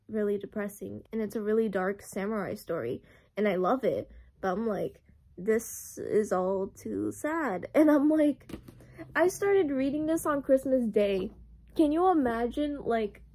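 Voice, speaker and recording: A woman's voice: fairly high pitch, dark tone. A young woman vlogging casually about her reading, rambling and emotional, laughing often. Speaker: book vlogger. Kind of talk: casual chat.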